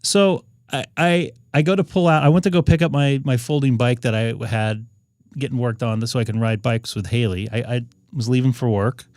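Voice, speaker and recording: A man hosting a casual live stream, his voice sitting at an ordinary middle pitch. He rambles along with plenty of fillers and restarts. The sound is dry, with no room echo. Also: fairly even intonation, moderate pace, a little mellow. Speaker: ham radio live-stream host.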